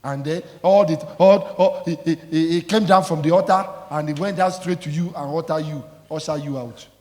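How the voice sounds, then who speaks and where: High-voiced pastor preaching. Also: male voice, steady tone, normal speed, a little mellow. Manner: call-and-response preaching, emphatic, scolding. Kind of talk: sermon. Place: church. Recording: echoey church hall.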